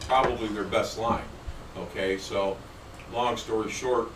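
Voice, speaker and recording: A man co-hosting a relaxed roundtable, chatting and telling jokes with put-on high voices. He sounds set back from the mic in a roomy, echoey space, with faint ambience behind him. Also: unhurried, recorded from a distance, a little hiss or hum. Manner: tells jokes and acts out high-pitched voices. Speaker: podcast co-host. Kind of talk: casual chat.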